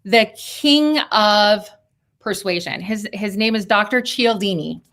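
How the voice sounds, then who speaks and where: A woman giving a lively workshop talk over a video call, coaching and laughing often. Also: mid-range voice, slow. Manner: talks of thousands of hours on video calls. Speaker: speaker on persuasion.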